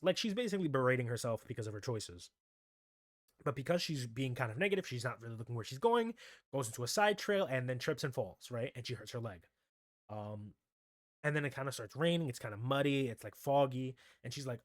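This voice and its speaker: Male anime-recap vlogger, mid-pitched, loose and rambling delivery, dead-dry close sound. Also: big pitch swings, a little fast, no echo. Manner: rambling, keeps adding "right?" and restarts. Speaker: anime commentary host.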